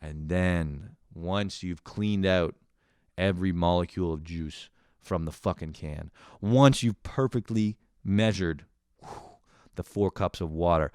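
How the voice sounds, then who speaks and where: Low-voiced man, profane comic rambling. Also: unhurried, darkish tone, clear, resonant tone, no room sound, studio quality. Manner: profane, rambling, self-mocking. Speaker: comedian, podcast host. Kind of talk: casual comedy monologue.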